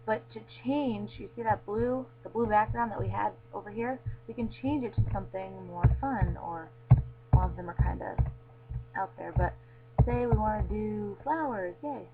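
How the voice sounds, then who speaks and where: A woman's voice: mid-range voice, normal speed, music in the background. Woman narrating a tinny screencast tutorial. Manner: casual, frequent ums. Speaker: tutorial presenter. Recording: tinny lo-fi mic with faint hum.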